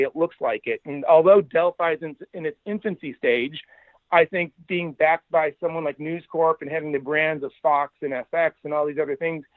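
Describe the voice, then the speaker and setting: A middle-aged man recounts his career in a lively, anecdotal way, slipping into the voices of the people in his stories. His voice sits a little high for a man. The sound is dry and tinny, like a phone line. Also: no room sound. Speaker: podcast guest. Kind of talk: casual storytelling interview.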